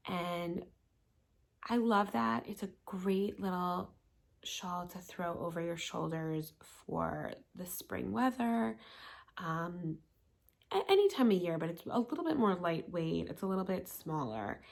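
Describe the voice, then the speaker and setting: A woman's voice: fairly low pitch, gravelly. A woman casually walking viewers through knitwear patterns, chatty and enthusiastic, often repeating words for emphasis. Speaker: knitwear brand presenter. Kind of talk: casual product walkthrough.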